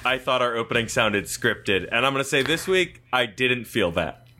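A man's voice: medium pitch, expressive, normal speed, bright, forceful tone. A man hosting a comedy podcast, teasing and dry in his banter. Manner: dry, teasing, self-aware. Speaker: podcast host.

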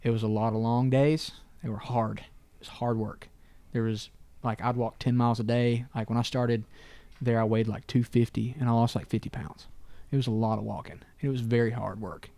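A man's voice: mid-range voice, steady tone, normal speed, creaky, few pauses, warm tone, no room sound. A man from North Georgia, an earnest, plain-spoken musician guest in casual interview chat.

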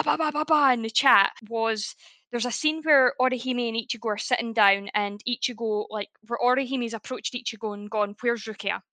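A woman's voice: on the high side, bright, forceful tone, no room sound. A woman co-hosting a podcast, ranting animatedly and swearing freely in casual chat. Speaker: podcast co-host.

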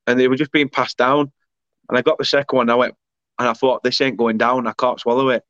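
A man's voice: mid-range voice, level tone, quick pace, a bit bright, dry recording, muffled recording. A man hosting a casual talk show, chatty, laughing often and reading comments aloud. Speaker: podcast host reading viewer comments. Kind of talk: casual chat.

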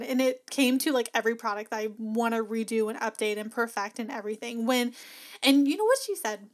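Slightly high and fairly quick, this woman's voice carries her casual motivational podcast. She's a host and business coach who stays chatty and encouraging, laughs frequently, and records through a podcast mic connected to an audio box.

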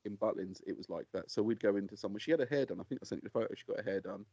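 A British man co-hosting a podcast, telling stories in a casual chat, animated and laughing often. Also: on the low side, racing, dry recording. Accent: British English. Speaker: podcast co-host. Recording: dull lo-fi sound.

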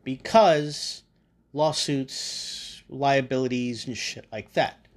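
A man hosts a podcast in a loose, rambling monologue. He swears freely and keeps circling back with fillers and restarts. His voice sits at an ordinary middle pitch for a man. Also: slow pace. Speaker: podcast host.

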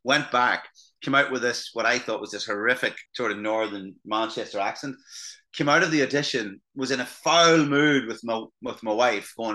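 An Irish actor chatting as a podcast guest, telling anecdotes in a loose, swearing conversational way. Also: male voice, medium pitch, brisk, bright, forceful tone. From Ireland. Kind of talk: casual podcast chat.

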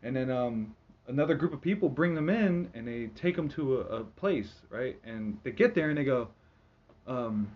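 A man's voice: medium pitch, animated, moderate pace, dull audio. A man in casual chat, retelling a book's story in a rambling, profane way full of fillers. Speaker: podcast host.

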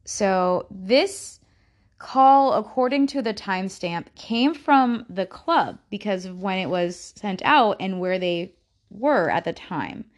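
Woman host on a true crime podcast, talks slow, keeps restarting and going um, like. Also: mid-range voice, lively intonation. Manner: halting, with restarts and fillers. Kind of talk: casual true-crime narration.

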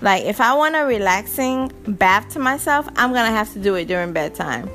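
A woman's voice: medium pitch, normal speed, soft background music. A young adult woman hosting her own podcast, telling exasperated stories about parenting with frequent laughter. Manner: animated, laughing, exasperated storytelling. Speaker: podcast host. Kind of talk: casual monologue.

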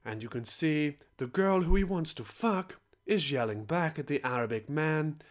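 A man's voice: a little high, expressive, moderate pace, close to an everyday voice. A man putting on a mock-solemn wildlife documentary narrator voice. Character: hushed male nature documentary narrator.

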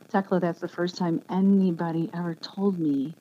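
A woman giving an earnest, emotional personal testimony as an interview guest, speaking haltingly with many restarts. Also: on the low side, fairly even intonation, warm tone. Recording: dull lo-fi sound with faint background noise.

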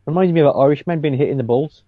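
A man's voice: on the high side, rapid-fire, no echo. Guy co-hosting a chat, dry teasing jokes, muffled kinda dull audio, no room sound. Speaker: co-host. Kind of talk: casual banter.

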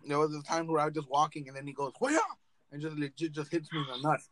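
A young man tells a long, rambling story to a friend on a podcast, cursing freely and laughing along with himself. His voice sits a little high for a man. The recording is close and dry, with no room sound. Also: level tone, rapid-fire, no room sound, low-quality recording. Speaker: podcast host. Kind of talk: casual chat.

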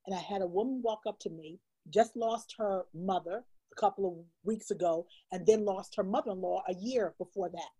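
A woman with a husky, breathy edge to her voice tells stories in an interview. She is emphatic and heartfelt, and she often doubles a phrase to drive it home. Her pitch sits in a middle range. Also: moderate pace, few pauses, warm tone, low-quality recording. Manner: emphatic, repeats phrases for stress. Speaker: illustrator and storyteller, guest.

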